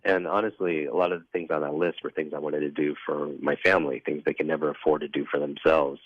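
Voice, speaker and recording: Super deep-voiced guy on an interview, earnest and halting, retelling his story, dry dull-sounding audio. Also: flat delivery, breathy edge, no room sound. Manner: earnest, reflective, halting with restarts. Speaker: guest.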